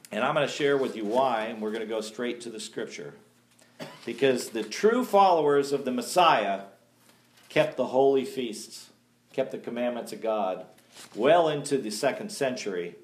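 A man's voice: mid-range voice, reverberant. A man teaching a sermon-style Bible study in a folksy, emphatic way, asking his group questions and laughing at his own jokes.

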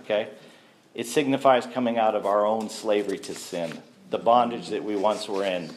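A messianic teacher with a fairly low-pitched voice speaks at normal speed, delivering a sermon conversationally and asking the congregation questions. The recording carries the echo of the room.

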